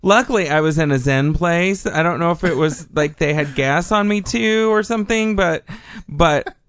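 A man's voice: a little high, normal speed, fairly bright tone. A man chatting casually, telling a rambling story with frequent laughs.

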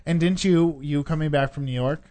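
A man in casual chat among friends, excitable and quick to swear and laugh. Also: a little high.

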